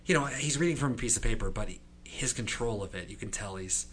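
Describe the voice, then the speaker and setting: Enthusiastic low-voiced podcast host. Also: male voice, lively intonation, quick pace, a bit bright, slight background noise. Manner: enthusiastic, quotes lines aloud. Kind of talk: casual discussion.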